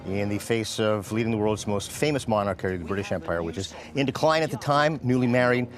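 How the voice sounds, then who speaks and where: A man hosting a TV interview at a rapid clip. His voice sits fairly low, and he rambles through his questions with plenty of fillers. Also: faint music behind. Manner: chatty and rambling, many fillers. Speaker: TV news host. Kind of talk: casual interview chat.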